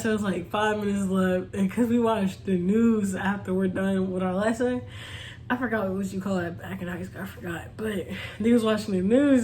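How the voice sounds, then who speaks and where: A woman's voice: mid-range voice, darkish tone, slight background noise. A young woman chatting casually to her viewers, laughing often and calling them y'all. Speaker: vlogger. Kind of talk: casual storytime chat.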